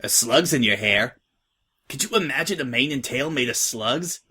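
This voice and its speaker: A man's voice: mid-range voice, expressive, moderate pace, sharp tone, breathy edge, heavily acted. A man doing a brash, tough young filly. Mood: teasing. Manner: blunt, slangy, offhand. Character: brash, tough young filly, slangy orphan-home veteran.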